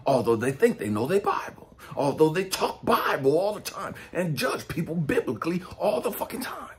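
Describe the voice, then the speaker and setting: Blunt, profane preaching man with a lively pitch. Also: normal speed. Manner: blunt and profane, swinging between low muttering and high shouting. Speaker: spiritual coach and speaker. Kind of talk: profane street-style preaching monologue.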